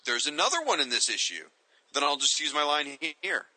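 A man's voice: a little high, very animated, brisk, sharp tone, no room sound, low-quality recording. A man co-hosting a casual comics chat, opinionated and ranting. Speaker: co-host.

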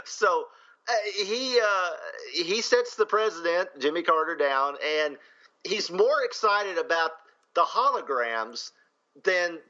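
Male podcast co-host, animated storyteller, bright and a bit high. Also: slow pace, muffled recording. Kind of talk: casual chat.

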